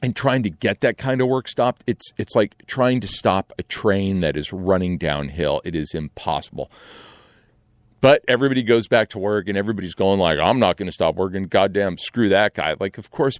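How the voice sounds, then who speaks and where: Animated man telling a work story. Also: low voice, normal speed, no room sound, clean studio sound. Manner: animated, acts out other people's lines. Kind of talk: casual anecdote telling.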